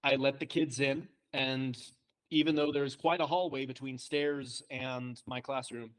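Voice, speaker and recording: A man, a high school English teacher, chatting casually and telling self-deprecating stories with frequent laughs. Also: level tone, unhurried. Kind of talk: casual chat.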